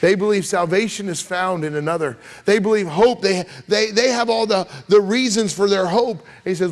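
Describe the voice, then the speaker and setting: A man preaching a sermon as pastor, emphatic and repetitive, swinging from loud rises to soft drops. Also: high-pitched, moderate pace, hardly any pauses. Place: church sanctuary.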